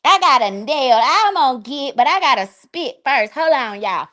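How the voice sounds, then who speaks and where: High-voiced woman ranting on a livestream. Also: expressive, pushed and bright. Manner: profane, mocking, drawn-out repetitions. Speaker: livestream host. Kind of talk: casual livestream rant.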